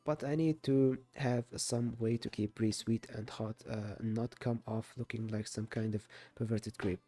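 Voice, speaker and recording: A man reading a dating game's story aloud as a gaming video host, halting with fillers and restarts. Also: lowish voice, fairly even intonation, warm tone. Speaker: gaming YouTuber.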